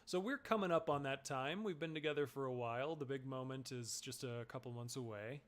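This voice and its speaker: A man taking part as a player in a tabletop role-playing game, speaking relaxed with pauses. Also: medium pitch. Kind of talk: tabletop role-play chat.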